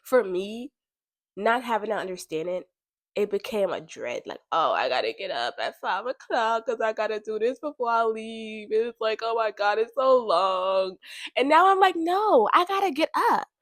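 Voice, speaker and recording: A woman talking casually about spiritual growth, chatty and animated, with features, laughing now and then and jumping higher when she quotes herself. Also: moderate pace, dry recording, studio quality. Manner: chatty and animated, laughs often, bursts high when quoting. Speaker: podcast host.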